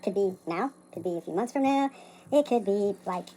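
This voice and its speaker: A woman's voice: medium pitch, lively intonation, moderate pace, mellow. A woman reading tarot at her table late at night, talking in a loose, rambling, self-interrupting way. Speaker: tarot reader. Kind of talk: rambling casual vlog.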